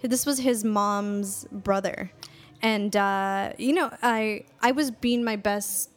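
Young woman podcast co-host, Salvadoran American, casual and rambling, medium pitch. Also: slow pace. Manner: chatty, many fillers and restarts. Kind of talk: casual chat.

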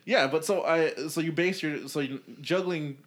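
A man's voice: on the high side, normal speed, a bit bright. A man hosting a casual podcast chat, who rambles with lots of fillers. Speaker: podcast host.

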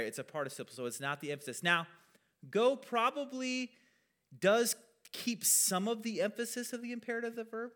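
A man's voice: a little high, fairly bright tone. A male pastor giving a casual teaching sermon in a conversational way, with self-deprecating asides.

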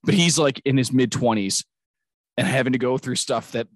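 A man chats casually on a podcast at a middling pitch. He rambles, laughs often and acts out movie scenes as he goes. His voice is close and dry. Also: moderate pace, no echo. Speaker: podcast host. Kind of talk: casual chat.

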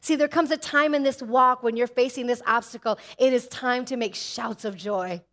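A woman's voice: fairly high pitch, moderate pace, fairly bright tone. A woman preaching a sermon with emphatic, rising exhortations.

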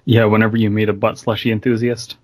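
A man's voice: on the low side, little pitch movement, fast talker. A man hosting a podcast over a video call, reading a short horror story aloud with dry, joking asides.

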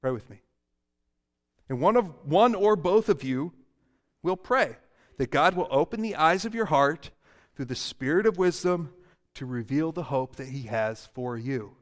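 A man's voice: a little high, animated, a little slow. A man preaching a sermon as pastor, playful and often laughing as he mimics people. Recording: long church hall reverb.

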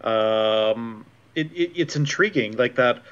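A man's voice: medium pitch, expressive, slow pace, a bit bright, highs cut off. A man who develops games, a guest in a casual chat, making dry wry remarks.

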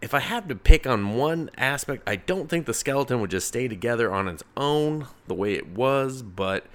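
A man's voice: mid-range voice, animated, moderate pace. A young man casually reviewing comic books, swearing freely, rambling, and laughing at his own jokes. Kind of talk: casual solo review podcast.

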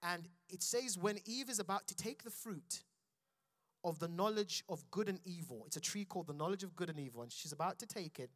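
A man's voice: high voice, brisk, fairly bright tone, no room sound, clean studio sound. A man preaching a sermon in church, building intensity and calling out to his congregation. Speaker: pastor.

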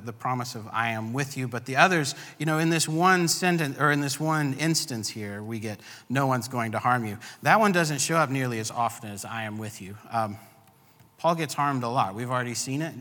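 Bright-voiced man preaching in a hall. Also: medium pitch. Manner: earnest, builds emphasis with repeated phrases. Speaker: pastor. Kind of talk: sermon.

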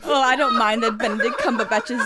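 A woman's voice: fairly high pitch, quick pace, very noisy. A woman co-hosting a podcast, teasingly questioning a guest in a playful mock interview.

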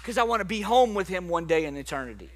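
A young man preaching a sermon, animated, swinging between soft quiet stretches and loud emphatic bursts. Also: sits high, fast.

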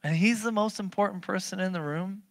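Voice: a little fast, dry recording. Emphatic preacher with a dry sound. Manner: animated, emphatic, asks many rhetorical questions; swings from loud bursts to low, quiet passages. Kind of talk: sermon.

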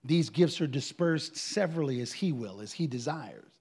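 A man's voice: mid-range voice, animated, moderate pace, a little mellow, husky. A man, a pastor preaching a sermon and answering questions from his congregation, telling stories with quoted voices and bursts of singing.

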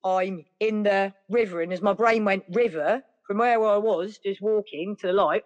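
A woman's voice: mid-range voice, normal speed, few pauses, highs cut off. A woman telling a personal story in a rambling, chatty way, full of "like" and "yeah". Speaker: podcast guest. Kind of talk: casual storytelling.

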